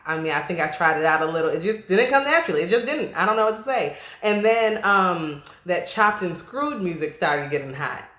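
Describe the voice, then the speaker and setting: A woman's voice: lowish voice, brisk, hardly any pauses. Chatty East Coast woman, roomy echo. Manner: chatty, animated, laughs often, slangy asides. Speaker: vlogger. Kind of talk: casual to-camera chat.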